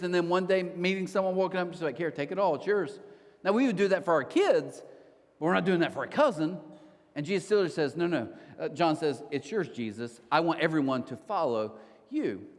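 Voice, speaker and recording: A man with a slightly higher voice delivers a relaxed, conversational sermon, full of asides and retold dialogue. The sound rings with the long reverb of a large church hall. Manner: casual, animated storytelling with asides. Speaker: pastor. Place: church auditorium.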